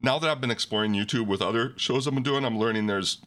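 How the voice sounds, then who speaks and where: A man's voice: medium pitch, fast, a bit bright. A man hosting a podcast in casual chat, rambling and joking as he tells stories. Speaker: podcast host.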